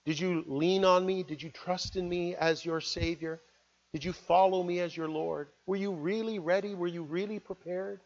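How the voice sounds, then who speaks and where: A high-voiced man delivers an earnest sermon, rising to loud appeals and then dropping to hushed words. The recording sounds dull and lo-fi. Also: steady tone, moderate pace, gravelly. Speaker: pastor.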